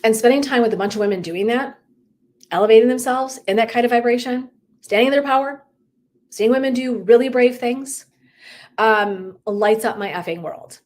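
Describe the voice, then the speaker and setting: A woman's voice: a little high, moderate pace, darkish tone. A middle-aged woman wellness coach talking candidly in a casual live stream, swearing and laughing as she acts out her own thoughts.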